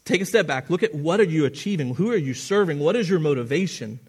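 A man delivers a sermon with earnest conviction, his voice sitting a touch higher than most men's. He often stumbles and restarts his phrases, and chuckles now and then at his own asides. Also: animated, quick pace, a little mellow, breathy edge. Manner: earnest preaching with repeated restarts. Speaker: pastor.

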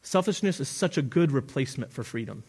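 A man's voice: medium pitch, expressive, quick pace, a little mellow, slightly rough. A man preaching a sermon as pastor, earnest and often restarting his phrases, with the odd chuckle at his own asides.

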